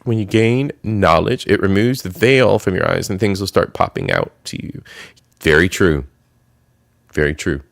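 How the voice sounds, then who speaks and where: Man, low voice, casual stream host who chats loosely with his audience, dry close recording. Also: animated, moderate pace, vocal fry, dry recording. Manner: chatty, greets viewers by name. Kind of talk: casual live-stream reaction chat.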